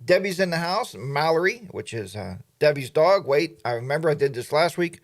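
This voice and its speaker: A man's voice: fairly high pitch, animated, moderate pace, few pauses. A middle-aged man hosting a casual livestream, chatty and playful, greeting viewers by name. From Pennsylvania, USA. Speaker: livestream host. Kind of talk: casual live chat.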